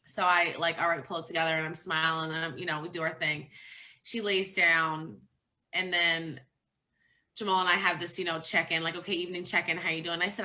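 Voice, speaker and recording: A woman's voice: on the low side, level tone, a little fast, pushed and bright. A pregnant woman talking candidly and from the heart as the featured guest in a casual chat about motherhood.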